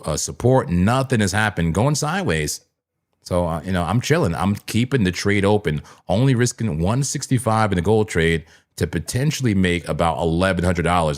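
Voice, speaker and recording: A man hosting a crypto trading livestream, chatting loosely with his viewers and rambling with plenty of "like" and "man.". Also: low voice. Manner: talks straight to chat viewers. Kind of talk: casual live trading commentary.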